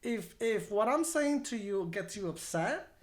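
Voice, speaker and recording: A man's voice: sits high, a little slow. Man acting out conversations in casual chat. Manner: animated, acts out both sides of dialogues; blunt, swears casually. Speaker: mental health clinic founder, therapist.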